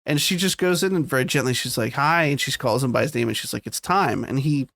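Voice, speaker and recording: Man, podcast co-host, animated, swears a lot, mid pitch, dry close mic. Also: fast, vocal fry, no echo. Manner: animated, swearing, retells scenes. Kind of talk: casual chat.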